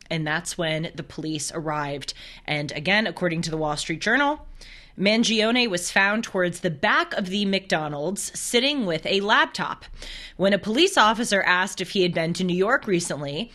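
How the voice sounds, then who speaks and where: A woman's voice: lowish voice, fairly bright tone. A woman hosting a live call-in talk show, chatty and playful, laughing often as she talks.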